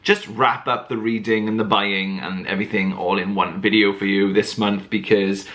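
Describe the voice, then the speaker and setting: A man's voice: lowish voice, flat delivery, normal speed, a bit bright. A man chatting to camera as a book vlogger, rambling with lots of fillers and restarts. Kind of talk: casual chat to camera.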